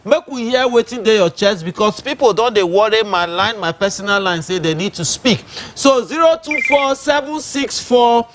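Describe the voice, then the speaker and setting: A man's voice: high voice, moderate pace, few pauses, a bit bright, a little hiss or hum. A man with a Nigerian Pidgin accent hosting a call-in show, bantering with callers. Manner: banters with callers, switches between Pidgin and English. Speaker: radio call-in host.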